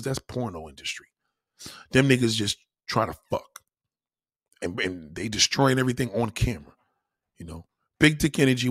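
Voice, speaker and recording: A man's voice: medium pitch, fairly bright tone, slightly rough, dry recording, studio quality. A young man hosting a livestream, ranting bluntly and profanely in casual talk, often restarting his sentences. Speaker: livestream host.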